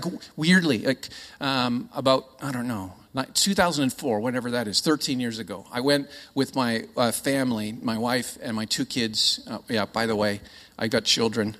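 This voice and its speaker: A middle-aged Canadian man preaching a sermon in a chatty, joking, animated storytelling way. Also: mid-range voice. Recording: echoey hall.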